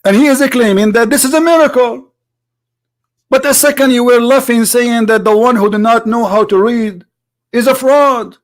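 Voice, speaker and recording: A man's voice: very high voice, normal speed. A man on a livestream, commenting on a debate clip with mocking, argumentative rebuttals.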